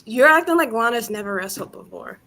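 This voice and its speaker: Lively woman co-hosting a review show. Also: on the high side. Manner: lively, laughing, quick storyteller. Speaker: co-host of a wrestling review show. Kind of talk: casual chat.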